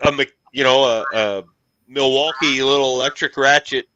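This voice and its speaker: A man swaps garage stories in an easy, casual chat, poking fun at his own mistakes. His voice is very bright and forward. The sound is dry and close, with no room around it. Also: medium pitch, fairly even intonation, normal speed, dry recording, dull audio. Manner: self-mocking storyteller, swears casually. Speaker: car hobbyist show host.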